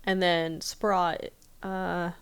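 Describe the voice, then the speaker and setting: A woman's voice: on the low side, flat delivery, extremely slow, a bit bright, clean tone. A woman podcast host casually recapping a cartoon episode in a chatty storytelling way.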